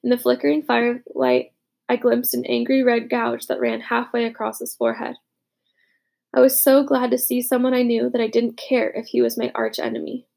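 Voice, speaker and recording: A woman narrating a chapter book in a measured, reflective way. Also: a little high, flat delivery, vocal fry, darkish tone. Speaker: audiobook narrator. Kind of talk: storybook narration.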